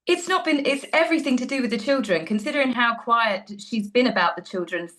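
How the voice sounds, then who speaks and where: A woman's voice: a little high, animated, fast talker, a bit bright. A woman appearing as a guest commentator, who talks with skeptical sarcasm and acts out quotes. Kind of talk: opinionated commentary.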